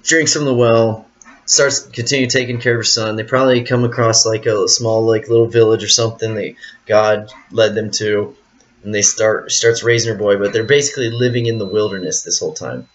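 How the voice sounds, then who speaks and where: A man with a fairly low voice reads a Bible passage and then talks it through in a loose, rambling way, leaning on fillers as he thinks aloud. The recording sounds dull and lo-fi. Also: steady tone, brisk, slight background noise. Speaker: Bible study teacher. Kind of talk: reading scripture then casual explanation.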